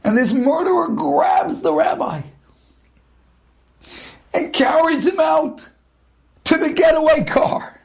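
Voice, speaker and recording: Slow and expressive, a high-voiced man with a creaky quality preaches a storytelling sermon. He stretches out long, dramatic pauses to heighten the suspense.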